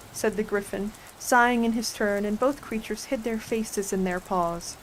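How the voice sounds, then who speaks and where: A woman reading a storybook aloud in a soft, gentle ASMR style. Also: mid-range voice, moderate pace, slight background noise, rough recording.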